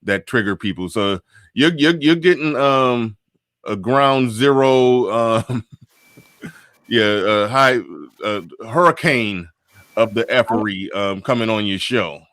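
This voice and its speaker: A man hosts a casual livestream, circling his points with stops, restarts and fillers. His voice sits at an everyday pitch for a man. The sound is dry and close, with no room echo. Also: takes it slowly, fairly bright tone. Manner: rambling, many restarts and fillers. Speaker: host. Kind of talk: casual livestream talk show.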